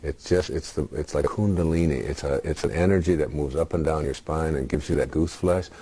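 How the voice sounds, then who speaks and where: A man in his sixties, speaking as an interview guest in a halting, reflective way with many pauses and fillers. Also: a bass voice, mellow, slightly rough. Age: 60s.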